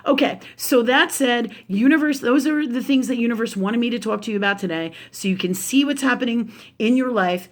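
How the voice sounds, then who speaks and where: A woman's voice: fairly high pitch, brisk, hardly any pauses. A woman hosting a casual live spirituality talk, rambling and emphatic, with frequent swearing. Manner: restarts and fillers.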